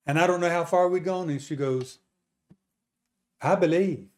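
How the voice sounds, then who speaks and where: A man preaching, telling a testimony story as an animated storyteller who asks his listeners questions. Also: fairly high pitch, fairly quick.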